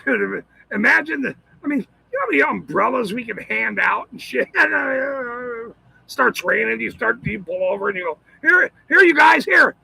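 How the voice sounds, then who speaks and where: A man in a profane, shouting monologue, ranting as the host of his own channel. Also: extremely high pitch, animated, normal speed, creaky, slightly rough, low-quality recording. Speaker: citizen auditor channel host.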